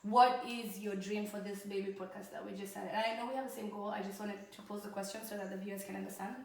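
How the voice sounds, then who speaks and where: A woman co-hosting a casual podcast, speaking softly and attentively as she poses questions to her co-host. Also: medium pitch, fairly even intonation, fast talker, vocal fry. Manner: soft-spoken, attentive, frequent backchannels. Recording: very echoey room, faint noise.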